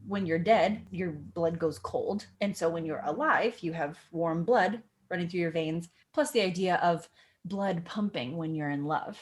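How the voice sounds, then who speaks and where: This young woman teaches acting by dissecting a monologue line by line at a measured pace. Her voice sits lowish, and she stays playful and lively, stressing key words.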